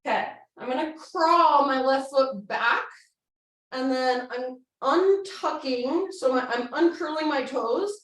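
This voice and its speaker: A woman's voice: sits high, takes it slowly, a bit bright. A woman teaching a yoga class, giving casual, encouraging cues while she demonstrates poses, a little out of breath. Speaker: yoga instructor. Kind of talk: guided yoga class instruction. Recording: echoey room, mic at a distance.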